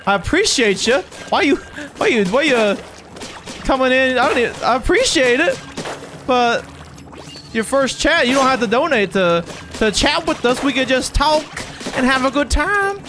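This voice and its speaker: A streamer chatting casually during a live gaming session, excitable and rambling, often stammering and repeating words. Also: high-pitched, normal speed, music in the background.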